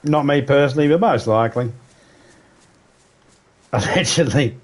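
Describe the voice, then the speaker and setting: A man's voice: medium pitch, measured pace. An Australian man livestreaming, chatting casually with viewers in a rambling way, swearing freely and mimicking accents. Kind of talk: casual chat.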